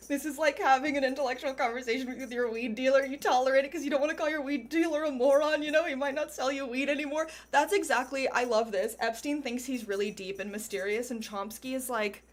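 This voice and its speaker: A woman livestreamer with a fairly high voice, reading messages aloud and tearing into them with sarcasm and swearing. She switches between brash commentary and soft baby talk to her cat. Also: fairly quick. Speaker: streamer.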